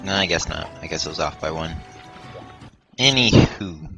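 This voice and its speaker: A man's voice: rumbling low, lively intonation, moderate pace, creaky, low-quality recording. A man giving rambling, self-deprecating commentary while playing a video game, full of fillers and restarts. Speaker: let's play commentator. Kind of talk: casual gameplay commentary. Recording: game music playing under the voice.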